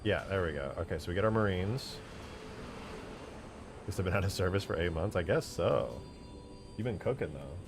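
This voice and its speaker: A man streaming from home into a desk microphone, thinking aloud in a relaxed, rambling way as he plays and mods a game. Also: sits low, moderate pace, pauses often, background noise. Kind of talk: casual livestream commentary.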